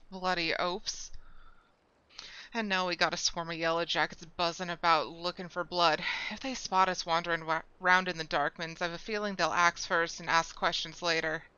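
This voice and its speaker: A woman reading a gruff, streetwise male rogue from a video game, using a thick slangy put-on accent. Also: mid-range voice, normal speed, pushed and bright, no echo, muffled recording, lightly acted. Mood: sly. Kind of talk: reading game dialogue aloud.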